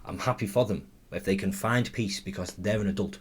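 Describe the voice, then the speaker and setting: A man's voice: fairly low pitch, normal speed, husky. A man giving blunt, profane, sarcastic running commentary. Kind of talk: ranting commentary.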